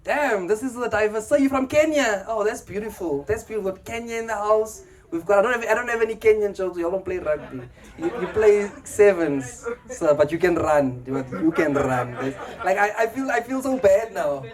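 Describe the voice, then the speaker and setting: A high-voiced South African comic works a comedy club stage, talking with the audience and acting out voices in his tales while laughter rises around him. He's expressive, speaks at a normal speed, and barely pauses.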